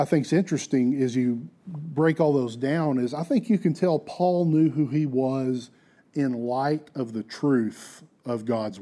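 A male preacher delivers a sermon in an earnest, emphatic way. His voice sounds warm and mellow, and he drifts into friendly asides and restarts as he goes. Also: fairly high pitch.

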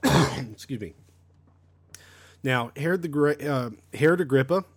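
A man's voice: medium pitch, a little mellow. A man teaching an unscripted Bible lesson, talking with frequent fillers and repeated words.

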